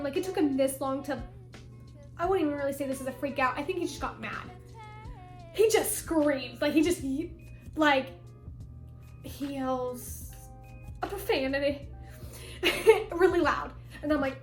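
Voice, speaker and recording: A young woman vlogger telling a story in a casual, animated way, acting out quotes and saying "like" a lot. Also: sits high. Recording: roomy echo with faint music.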